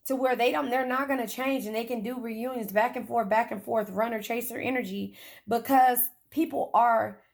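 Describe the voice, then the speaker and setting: A woman's voice: on the high side, creaky. A woman giving a casual tarot reading in a car, blunt, profane and chatty as she talks straight to her viewers. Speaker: tarot reader.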